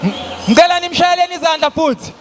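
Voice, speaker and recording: A man hosting a live youth event, bantering quickly and playfully with the crowd. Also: very high voice, noisy background. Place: event stage. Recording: music playing behind.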